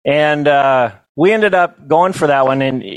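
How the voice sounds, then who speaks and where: A middle-aged man telling funny stories at a banquet, in a folksy, self-amused way with quick asides to the crowd. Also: a little high, clear, resonant tone, dry recording, muffled recording. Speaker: banquet storyteller and comedian. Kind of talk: humorous storytelling to a live audience.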